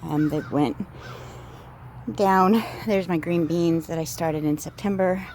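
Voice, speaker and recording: A woman's voice: lowish voice, fairly even intonation, slow, darkish tone, slight background noise. A woman chatting her way through a garden and pantry tour, rambling and a little out of breath, moving from outdoors to indoors. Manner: chatty and rambling, with frequent fillers and trailing-off sentences. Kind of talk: casual walk-and-talk tour. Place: garden outdoors, then inside a house.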